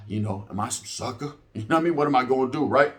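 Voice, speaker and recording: With a medium-pitched, fairly bright voice, the reaction video host talks fast as he tells a story and weighs in with his opinion. He's a man in his forties using casual, profane street talk and frequently tagging lines with "right?".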